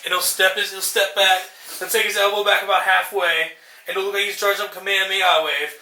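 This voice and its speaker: A podcast co-host with a high, bright voice rants fast and forcefully, though his delivery stays flat. He rambles profanely and acts out scenes in mocking voices, with roomy echo on the recording.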